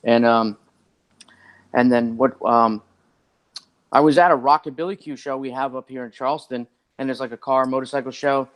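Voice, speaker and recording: A man who is a podcast guest, telling a long story in a rambling, animated way and acting out what other people said. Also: mid-range voice, normal speed, long pauses. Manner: rambling and animated, acts out others' lines, many "like" fillers. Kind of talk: casual storytelling.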